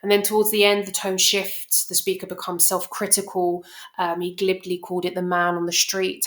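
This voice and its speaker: A woman teacher talking through a poem for exam revision, thoughtful and unhurried, often pausing and restarting. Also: on the low side, level tone, a bit bright. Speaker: English teacher. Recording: echoey room.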